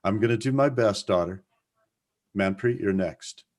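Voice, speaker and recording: A man's voice: lowish voice, a little slow, darkish tone. A man moderating a group mentoring call, friendly and self-deprecating. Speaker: session moderator.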